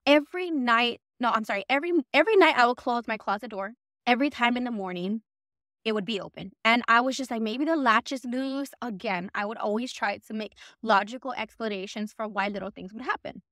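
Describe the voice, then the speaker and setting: Brief: woman, casual true-ghost-story teller, higher voice, conversational and quick to act out quotes. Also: pushed and bright, dry recording, clean studio sound. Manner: chatty, lots of "I'm like" quoting.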